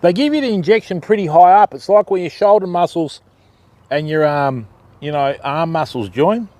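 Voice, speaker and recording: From a campsite by the river, an Aussie-accented man runs a fishing livestream and chats casually and easily with his viewers. His voice is a little high with a darkish tone, at normal speed and with no echo.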